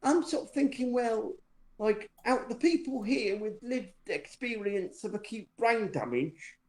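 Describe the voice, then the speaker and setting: A man telling a personal story in a relaxed, chatty way. He wanders with frequent "um"s and restarts and mocks himself with a dry wit. The recording is roomy, with noticeable echo. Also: high voice, a little slow. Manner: rambling, lots of fillers and restarts, dry self-mocking humour. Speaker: podcast co-host telling a story. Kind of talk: casual anecdotal storytelling.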